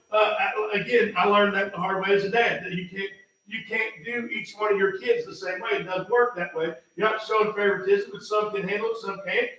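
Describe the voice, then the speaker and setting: A pastor preaching a folksy sermon, repeating himself and building up to shouts. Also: male voice, high-pitched. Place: church sanctuary. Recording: echoey hall, mic far off.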